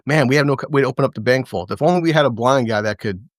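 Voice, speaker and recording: A man's voice: medium pitch, racing, no echo, studio quality. A man hosting a casual chat about a TV episode, retelling scenes and quoting lines with laughs. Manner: animated retelling with quoted voices and laughs. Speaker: podcast host. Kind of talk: casual show recap chat.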